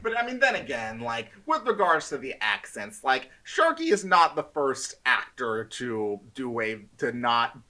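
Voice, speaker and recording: Male podcast guest, rambling, loose delivery full of filler words, bright edge to the voice. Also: medium pitch, sing-song, unhurried, hardly any pauses, poor audio. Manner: rambling, heavy on filler "like", laughs often. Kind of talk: casual chat.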